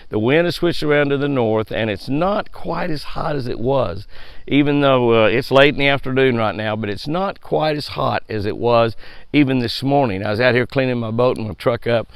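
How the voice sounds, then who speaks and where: A man's voice: medium pitch, moderate pace, gravelly, clear, resonant tone, no echo. A man, a fishing show host chatting casually and upbeat to viewers, repeating words as he goes. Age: 70s.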